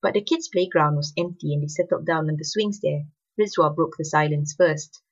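A woman narrating a story in an expressive, scripted reading. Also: sits low, normal speed, husky. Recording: dull lo-fi recording.

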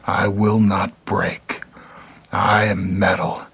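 A hungry wolf beast that lives inside a man's head, as a male narrator puts it on. It growls low and very slowly and sinks into a husky whisper. The voice is menacing and patient. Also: level tone, fairly bright tone, exaggerated voice.

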